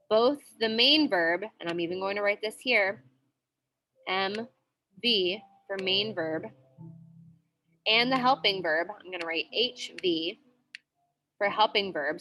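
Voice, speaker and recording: A woman teacher walking students through a worksheet, often checking in with "okay?" and slowing down to read example sentences. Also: mid-range voice, bright, forceful tone. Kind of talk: recorded worksheet walkthrough.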